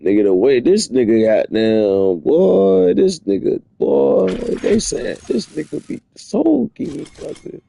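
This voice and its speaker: Gravelly-voiced man ranting in disbelief. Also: mid-range voice, very animated, takes it slowly, few pauses, dark tone. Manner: incredulous, profane, rambling rants. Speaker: streamer. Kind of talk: casual reaction commentary.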